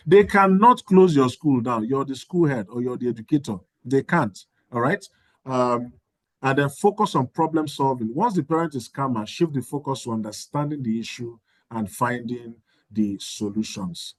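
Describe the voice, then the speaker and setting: A man's voice: medium pitch, animated, moderate pace, no room sound. A man leading an online training session, talking in a conversational way and acting out sample exchanges with parents. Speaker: course facilitator.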